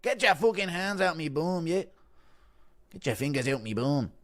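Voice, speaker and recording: A cocky, combative Irish fighter, as a man puts him on, pushing his voice up high and loud. He shouts and swears with swagger, all bluster. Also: expressive, normal speed. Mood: angry. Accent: put-on Irish.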